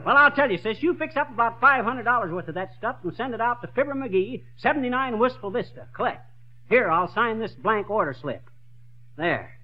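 A bumbling braggart who has just come into money, in a 1940s radio comedy. His voice is high and swoops around. He blusters and stammers through a dull old broadcast recording. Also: normal speed, slight background noise. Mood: flustered. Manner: blustering, stammering, lively swings. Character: boastful newly rich middle-aged man, bumbling.

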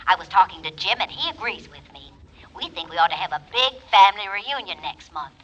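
An actress playing a cheerful middle-aged daughter speaking over a telephone, bubbly and laughing. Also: female voice, mid-range voice, expressive, fairly quick, a bit bright, a little hiss or hum, poor audio.

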